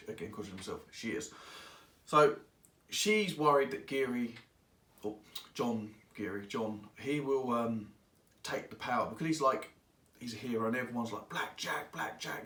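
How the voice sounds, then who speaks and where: Casual male reviewer, rambly and animated, recorded in an echoey room. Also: mid-range voice, recorded from a distance. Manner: rambling and excitable, acts out characters in quotes. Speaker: book reviewer. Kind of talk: casual spoken book review. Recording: echoey room, voice away from mic.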